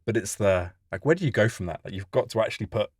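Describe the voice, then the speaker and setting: Low-voiced dad talking candidly. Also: male voice, animated, fast, darkish tone, no room sound, clean studio sound. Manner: candid, reflective. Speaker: podcast co-host. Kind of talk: casual chat.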